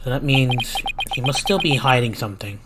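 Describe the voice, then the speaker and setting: A man's voice: medium pitch, normal speed, very noisy. A man casually reading game dialogue aloud for a fan dub, with stumbles and restarts. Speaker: player voicing game dialogue. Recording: loud game music behind.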